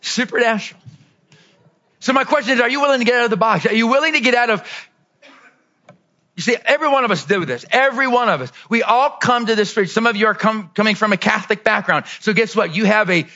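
A man preaching a lively sermon as pastor, dropping to low asides and rising to shouted peaks. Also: fast, muffled recording.

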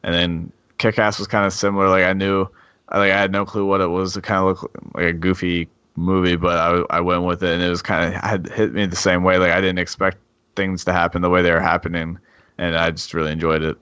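A man's voice: deep voice, little pitch movement, fairly quick, a bit bright, smooth, no room sound, muffled recording. A man in a casual podcast chat, rambling about films with many "like" fillers.

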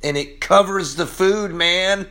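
Hoarse, excitable high-voiced preacher man. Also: slow pace. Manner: excitable and chatty, laughs often, says "man" a lot. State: hoarse from allergies. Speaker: pastor. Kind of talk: casual, energetic sermon.

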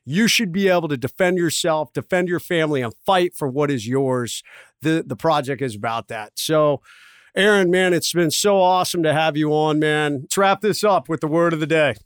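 A man's voice: a little high, normal speed, clean tone, no echo, clean studio sound. Intense, emphatic male podcast host. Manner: intense, emphatic pep-talk delivery. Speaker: podcast host, former Navy SEAL. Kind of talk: motivational podcast talk.

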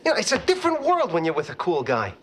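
An actor playing a neurotic, excitable middle-aged man in a sitcom, whiny and stammering. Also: fairly high pitch, quick pace, slight background noise. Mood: gushing. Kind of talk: sitcom acting. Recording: TV clip with background ambience.

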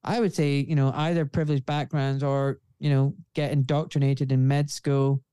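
A Scottish surgeon in his forties with a refined accent appears as a guest in a casual interview, speaking earnestly and outspokenly and saying "you know" frequently. His mid-range voice is warm and smooth, with flat delivery at a normal speed and no echo.

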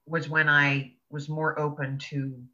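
Woman guest, earnest expressive storyteller, very bright piercing voice, dull lo-fi recording. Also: low voice, measured pace. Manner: earnest, expressive storyteller who laughs between thoughts. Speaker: podcast guest, author. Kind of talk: personal storytelling in an interview. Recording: dull lo-fi audio.

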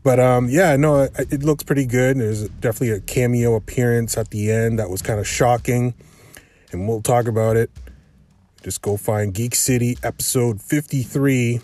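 A man's voice: medium pitch, fairly even intonation, moderate pace, darkish tone. A man hosting a podcast alone, talking casually and rambling with many fillers and restarts. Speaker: podcast host. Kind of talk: casual solo podcast chat.

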